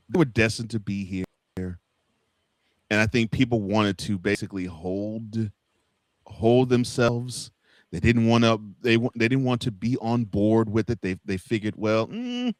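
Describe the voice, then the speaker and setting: A man co-hosting a casual college football chat, teasing his partner and laughing loudly. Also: mid-range voice, dry recording, clean studio sound. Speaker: co-host.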